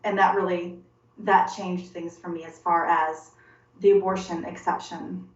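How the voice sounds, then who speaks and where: A woman in her forties giving a personal testimony in an interview, halting and earnest, often repeating words as she searches for them. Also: on the low side, level tone. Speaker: interview guest. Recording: roomy, distant and dull-sounding.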